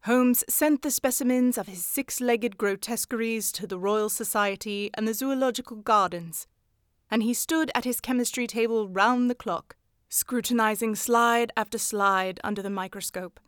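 A woman narrating a story in a steady, even storytelling manner. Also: on the high side, moderate pace, clean tone, dry recording, studio quality. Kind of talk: scripted audiobook narration.

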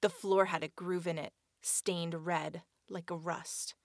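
A woman's voice: lowish voice, level tone, unhurried, no room sound, studio quality. A woman narrating a first-person children's story in an earnest, childlike telling.

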